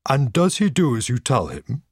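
A man voicing a kindly, authoritative country gentleman in a measured, slightly raised voice. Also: mid-range voice, huge pitch swings, breathy edge, dry recording, clean studio sound, voice pushed up.

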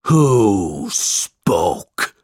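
A man's voice: lowish voice, very animated, takes it slowly, fairly bright tone, husky, no room sound, studio quality, heavily acted. Man putting on a barking cruel schoolmaster. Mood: angry threatening. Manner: barking, menacing. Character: cruel bullying male schoolmaster, middle-aged.

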